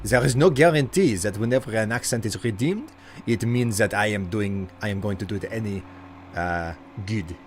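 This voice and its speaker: Low-voiced man in a put-on French-German accent. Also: normal speed, a little hiss or hum. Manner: stiff, formal and playful, avoiding contractions. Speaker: streamer. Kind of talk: casual gameplay commentary.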